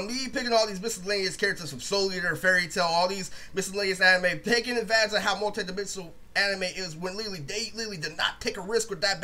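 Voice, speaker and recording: High, bright-voiced ranting young man. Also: a little hiss or hum. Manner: rambling, profane, keeps saying "literally". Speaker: video creator. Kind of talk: casual storytime rant.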